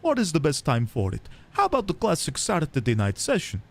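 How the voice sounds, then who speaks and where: A man voicing a gruff older workshop boss in a put-on accent, grumbling about mess and sauna nights. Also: fairly high pitch, wildly swooping pitch, fairly quick, voice pushed up, heavily acted.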